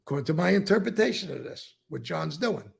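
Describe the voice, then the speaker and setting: A man's heavily gravelly voice, rough and husky, pitched a little high for a man. He speaks as an interview guest, laying out events with emphatic, animated storytelling. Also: a little fast. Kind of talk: recounting and explaining.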